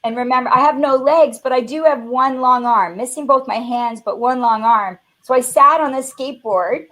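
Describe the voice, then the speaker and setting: A woman's voice: high voice, moderate pace. A woman, a motivational speaker telling a childhood story in a webinar conversation and acting out the voices in it. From Canada. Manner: animated, acts out voices in her stories.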